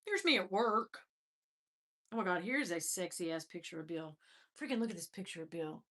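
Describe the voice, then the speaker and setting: A woman's voice: lowish voice, expressive, normal speed, fairly bright tone. A middle-aged woman hosting a casual livestream, chatting and laughing as she scrolls through old photos, her nose stuffy after crying. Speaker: livestream host.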